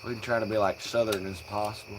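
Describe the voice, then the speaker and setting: A man's voice: fairly low pitch, flat delivery, quick pace, a little hiss or hum, rough recording. A young man hosting a live stream, joking around loosely and swearing in casual banter. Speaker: livestream host. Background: crickets.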